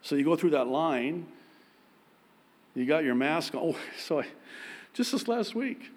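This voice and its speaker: A man preaching a sermon, telling everyday stories in a lively way and laughing at himself. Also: on the high side, a little slow. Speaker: pastor.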